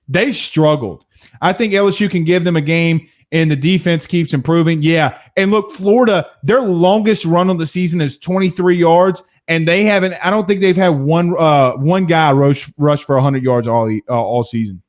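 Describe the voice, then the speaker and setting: Guy hosting a post-game sports show, high-ish voice, blunt and cussing, laughs a lot. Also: normal speed. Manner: blunt, heated, profane, laughs often. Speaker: sports show host reading viewer comments.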